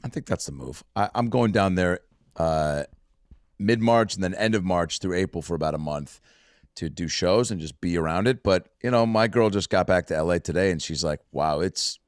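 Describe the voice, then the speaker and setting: A man hosting a casual podcast chat, telling stories in an animated way and swearing freely. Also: low voice, moderate pace, no room sound, clean studio sound. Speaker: podcast host and comedian.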